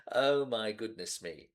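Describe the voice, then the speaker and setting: An older man in his seventies talks through his memories of a song. His voice sits a little low, and he speaks very slowly. He hesitates often, fills gaps with ums and starts lines over. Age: 70s. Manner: unhurried and hesitant, many ums and restarts. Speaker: music reaction channel host. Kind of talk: reminiscing music commentary.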